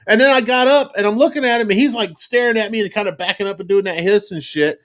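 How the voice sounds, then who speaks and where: A man's voice: very high-pitched, fairly quick, few pauses. A middle-aged man hosting a podcast, telling stories in casual, profane chat with frequent laughs. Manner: profane, animated storytelling with laughs. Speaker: podcast host.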